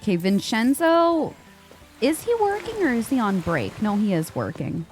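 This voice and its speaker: Lively, bright-voiced woman streamer. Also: fairly high pitch, normal speed, soft background music. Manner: chatty, talks to game characters and greets chat. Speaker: Twitch streamer. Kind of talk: live gameplay chat.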